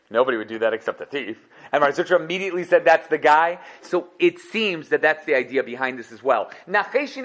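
A young man giving an animated Torah class in a conversational way, often acting out the quoted speakers. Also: mid-range voice. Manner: lively, conversational, mixes Hebrew and Yiddish study terms, acts out quotes. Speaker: Torah teacher.

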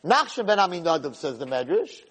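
A man with a high, husky voice teaches a Torah class. He swings widely in pitch and acts out the story with lively quotes. His voice rings with a long reverb, as if in a large hall. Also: fairly quick. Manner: animated storytelling with dramatic quotes.

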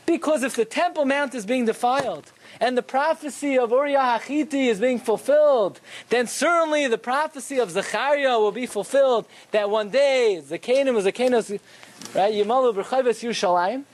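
A man giving a Torah lecture, telling stories with animated rhetorical questions. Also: very high voice, a little hiss or hum. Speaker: Torah teacher.

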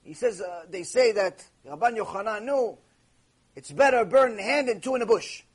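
Husky high-voiced man teaching a lesson. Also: expressive, fairly quick. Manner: repeats phrases, mixes in Hebrew terms. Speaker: Torah teacher. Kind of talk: storytelling lecture.

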